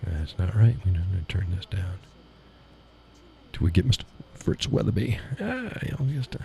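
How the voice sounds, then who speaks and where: A man hosting a live stream in casual chat, playful and quick to laugh, toying with how words sound. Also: low voice, huge pitch swings, creaky, warm tone. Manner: chatty, playful, laughs often, toys with word sounds.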